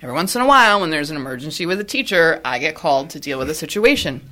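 A woman, a high school physics teacher, telling a personal story in a casual way, acting out the people she quotes. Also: racing. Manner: animated, acts out quoted people with jumps in pitch.

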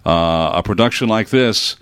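A man hosting a radio interview and asking a guest questions in a relaxed, conversational way. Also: on the low side, moderate pace, clean tone, dry recording, clean studio sound.

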